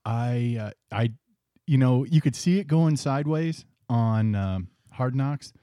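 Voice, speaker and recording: A man co-hosting a casual sports talk show, laid-back and quick to agree. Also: medium pitch, mellow, no echo, clean studio sound.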